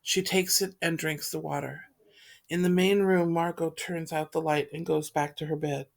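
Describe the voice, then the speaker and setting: Brief: woman reader, stage directions, even and measured delivery. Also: low-pitched, vocal fry. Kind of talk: reading stage directions of a play.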